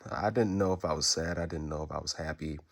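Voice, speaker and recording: A man speaking an unscripted, emotional message while fighting back tears, halting and repeating his words and swearing casually. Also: extremely low pitch, vocal fry. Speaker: fan recording a tribute message.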